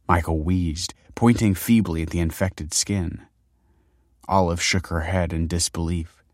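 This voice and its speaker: A man narrating a dark, scripted story in a steady, grave manner. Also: low-pitched, no echo, studio quality.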